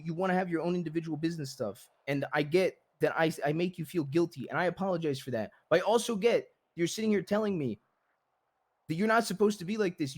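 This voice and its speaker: In a game role-play, a man with a high-pitched voice plays a blunt, devoted husband comforting his wife. He pleads earnestly and repeats himself.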